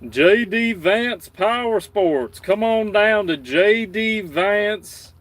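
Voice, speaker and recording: A man's voice: lively intonation, fairly bright tone, no room sound, heavily acted. A man voicing a hokey Southern small-town salesman in a put-on accent, drawing out his words like a local ad. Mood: folksy pitch. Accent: put-on American Southern. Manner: drawn-out, folksy ad-pitch delivery.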